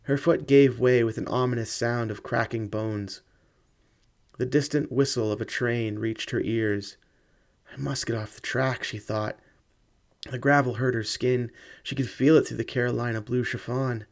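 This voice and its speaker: A man giving measured, dramatic scripted narration of a ghost story audiobook. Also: medium pitch, steady tone.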